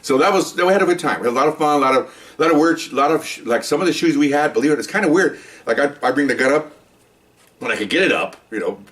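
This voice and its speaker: Brief: middle-aged male cop, rapid rambling anecdote, mic set back a bit. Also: a little high, recorded from a distance. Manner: animated, acts out scenes with quoted voices; loose, rambling, frequent "okay?" and "you know". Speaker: police detective and supervisor. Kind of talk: casual storytelling.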